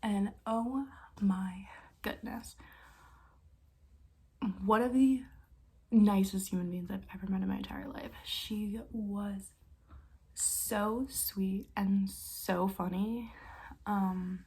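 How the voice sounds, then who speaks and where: Young canadian-raised woman vlogging, breathy voice, lots of likes, half whispering. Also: mid-range voice, steady tone, takes it slowly, pauses often, darkish tone. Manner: chatty, heavy use of filler words, often half-whispered. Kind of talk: casual storytime chat.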